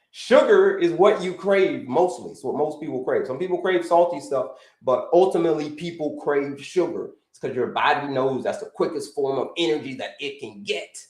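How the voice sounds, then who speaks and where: Animated man hosting a live health talk. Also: on the high side, normal speed, roomy sound, rough recording. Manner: repetitive, addresses listeners as folks, asks them to put answers in the chat. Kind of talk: casual live-stream talk.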